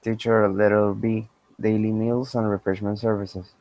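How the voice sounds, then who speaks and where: Student guy answering teacher, low flat voice, kinda far from mic. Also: moderate pace.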